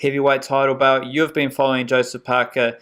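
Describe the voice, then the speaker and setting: A man's voice: mid-range voice, little pitch movement, a little fast, a bit bright, smooth. Jokey Kiwi man with slangy banter. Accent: New Zealand. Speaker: co-host. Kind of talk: casual sports podcast chat.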